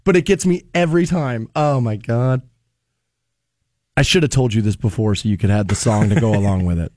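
A man hosting a rock radio show, telling stories loudly and laughing at himself between promo reads. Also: medium pitch, a little fast, no room sound, clean studio sound. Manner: animated, shouting storyteller who laughs at himself. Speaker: radio morning show host. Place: radio studio.

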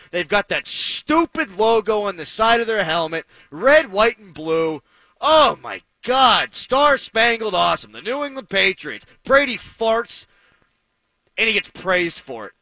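A man's voice: high voice, sing-song, a little slow, pushed and bright, dry recording, rough recording. A man giving heated, sarcastic sports commentary, ranting with fired-up energy.

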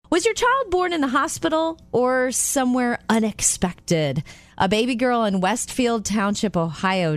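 A woman co-hosting a radio show, chatting and reading stories with a bright, laughing manner. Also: on the high side, no room sound. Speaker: radio co-host. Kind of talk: casual radio chat and story reading.

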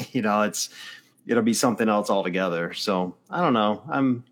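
A man's voice: on the low side, moderate pace. A man co-hosting a casual chat, rambling with lots of fillers and hedges. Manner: rambling, hedging, many fillers.

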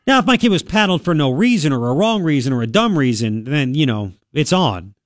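A slightly high male voice with wide pitch swings and a fairly quick pace, recorded clean with no room sound on a studio mic. He's hosting a talk radio show, sniffling from a cold while reading the news aloud and tossing in chatty, sarcastic asides.

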